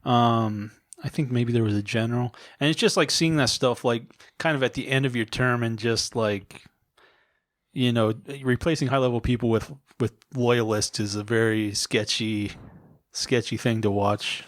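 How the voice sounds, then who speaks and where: A man's voice: medium pitch, moderate pace. A man co-hosting a comedy podcast, chatting casually with lots of swearing and laughter. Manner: profane, animated, laughs often. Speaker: podcast co-host.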